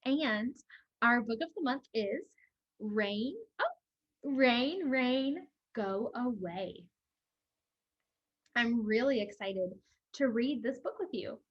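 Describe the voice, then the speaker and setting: A woman librarian leading a children's storytime, reading a picture book aloud in a slow, animated way and asking the young listeners questions. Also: a little high, husky, no echo, muffled recording.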